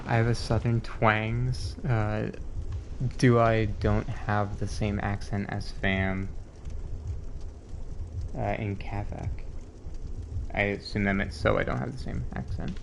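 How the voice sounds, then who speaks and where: Gravelly Canadian man chatting on stream. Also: fairly low pitch, little pitch movement, slow pace, pauses often. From Ontario, Canada. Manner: rambling, full of fillers, answers chat. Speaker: streamer and co-host. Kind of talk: casual gaming stream chat. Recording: noisy home stream audio.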